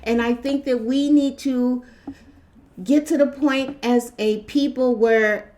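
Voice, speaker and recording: Animated woman with a higher voice. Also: slow. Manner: animated, repeats herself, acts out quotes. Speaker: vlogger. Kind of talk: casual opinion monologue.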